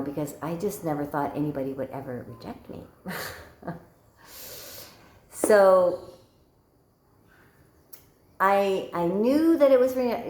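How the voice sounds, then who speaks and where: A woman's voice: lowish voice, gravelly, a little mellow, a little hiss or hum. A woman sex coach telling a story casually to camera, chatty with many fillers and repeated words. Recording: echoey room.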